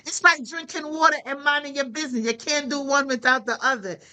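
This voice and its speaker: A woman preaches with lively exhortation, speaking high in her range with a bright, ringing tone. She keeps turning to her listeners with rhetorical questions. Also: a little fast, poor audio. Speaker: minister. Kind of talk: preaching to a prayer call.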